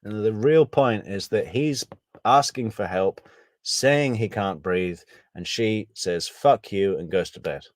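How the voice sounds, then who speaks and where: A man with a low voice talks through a case in casual commentary. He is measured, thinks out loud and drops wry asides. The sound is dry and close. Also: lively intonation, no echo. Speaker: true crime commentator.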